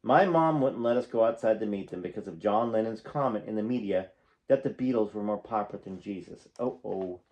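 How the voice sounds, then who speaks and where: A man's voice: on the low side, a little fast, a little mellow, highs cut off. A man hosting a channel, reading a book aloud and stopping often for casual, folksy comments. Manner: breaks off to comment, folksy and conversational.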